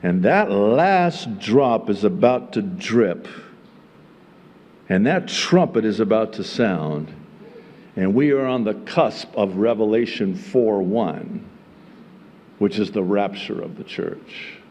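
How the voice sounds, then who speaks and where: A middle-aged male pastor preaching at an unhurried, deliberate pace. He drops to quiet explanation, then rises to loud emphatic points, with folksy asides and chuckles along the way. His voice carries a long reverberant tail, as in a large hall. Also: lowish voice, lively intonation, slight background noise. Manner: emphatic, swings from quiet teaching to loud exclamation. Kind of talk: sermon.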